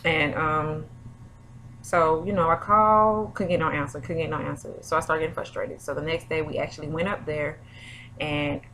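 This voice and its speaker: A woman's voice: sits low, fairly even intonation, moderate pace, bright, forceful tone, a little hiss or hum. A young woman, vlogging in a chatty, rambling way full of fillers. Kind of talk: casual chat.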